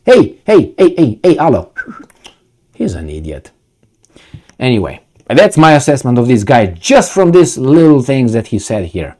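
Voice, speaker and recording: Reading a news story aloud, this male political commentator has a mid-range, darkish, sing-song voice and a slightly slow delivery with frequent pauses. He interrupts himself with combative, sarcastic commentary and often stumbles and restarts.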